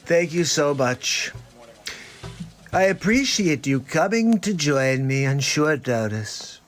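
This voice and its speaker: A man's voice: on the high side, very animated, slow, slight background noise. A man doing a comedic impression of a boastful, blustering older politician, full of superlatives and repetition. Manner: bragging, repetitive, superlative-heavy. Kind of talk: comedic celebrity impression on a livestream.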